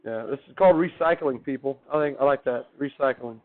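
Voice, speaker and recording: In a tinny, phone-like recording, a math teacher with a medium-pitched voice lectures a little fast. He's chatty and upbeat, posing questions to the class and answering them himself.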